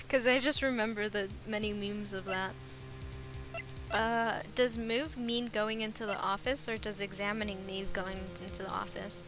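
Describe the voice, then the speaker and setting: A woman's voice: medium pitch, steady tone, normal speed, music in the background, low-quality recording. A woman streamer chatting casually and giggling while she plays a video game. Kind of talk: casual game livestream chat.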